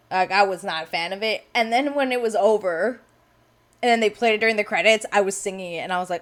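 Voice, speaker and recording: A woman casually recapping and reviewing a movie, chatty and excitable, peppering her talk with "like" and acting out bits of dialogue. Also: medium pitch, fast talker. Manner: chatty and excitable, heavy use of "like" and quoted dialogue.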